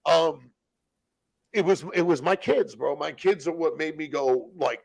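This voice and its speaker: A man telling rough stories as a podcast guest, in blunt, profane street slang. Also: on the high side, a little slow, a little mellow. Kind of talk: casual storytelling.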